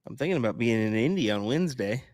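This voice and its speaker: A man's voice: mid-range voice, expressive, fast, darkish tone, no room sound, studio quality. Laid-back male darts co-commentator. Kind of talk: casual live commentary.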